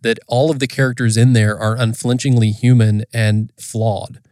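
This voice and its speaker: A man co-hosts an unhurried conversation, thoughtful and reflective. His voice is mid-pitched and steady, recorded close and dry. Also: no echo. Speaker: podcast co-host. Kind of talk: casual conversation.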